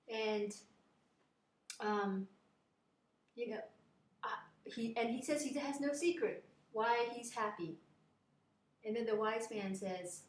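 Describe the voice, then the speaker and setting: A woman's voice: a little high, slow, long pauses. Woman, casual storyteller, rambling and chatty, echoey room. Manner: chatty, rambling, with fillers and restarts.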